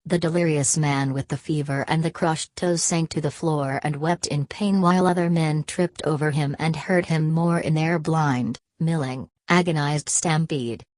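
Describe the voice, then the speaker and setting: A woman narrating a novel as an audiobook in an even storytelling read. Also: low voice, no room sound. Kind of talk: scripted narration.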